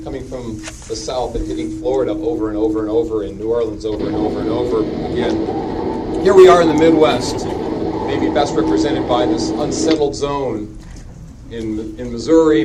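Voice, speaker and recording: A middle-aged man giving a conference keynote in a hall, animated and joking with quick asides. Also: medium pitch. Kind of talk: conference presentation. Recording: distant mic with steady background hiss.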